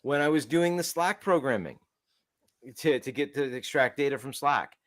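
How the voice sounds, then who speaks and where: A man chats casually on a developer podcast, with a voice of ordinary pitch. He rambles through stories with lively restarts and acts out little exchanges. The recording is close and dry. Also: moderate pace, dry recording. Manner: rambling, animated storytelling with many restarts. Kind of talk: casual tech chat.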